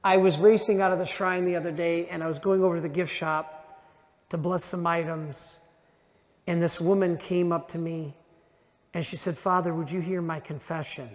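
A man preaching as a priest at a retreat in a large church, emphatic and slowing down for his key lines. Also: fairly high pitch, little pitch movement. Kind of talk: sermon at a parish retreat. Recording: long reverb of a church hall.

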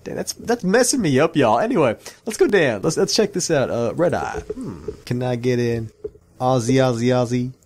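A man in his thirties with an Australian accent, riffing on video game lore in a loose, rambling way. He talks casually and tosses "y'all" into his sentences. His pitch sits in the middle range for a man. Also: lively intonation, moderate pace. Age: 30s. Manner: chatty, rambling, often says "y'all". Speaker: gaming YouTuber.

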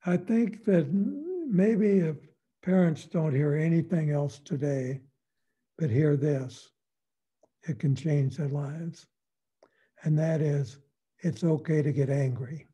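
An older man as a guest expert on a radio interview, calm and folksy, explaining with easy humor. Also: on the high side, takes it slowly, pauses often, husky, dull audio. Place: radio studio.

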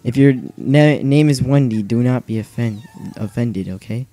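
A young man commenting on his own video game play, nervous and self-mocking, breaking into shouts. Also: medium pitch, moderate pace, faint music behind. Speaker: gaming channel host. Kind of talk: excited let's play commentary.

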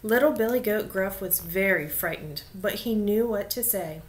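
A woman reads a children's story aloud in an expressive storytelling voice. She slows down for the dramatic details and lets the rhythm of the tale carry. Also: mid-range voice. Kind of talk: storybook reading.

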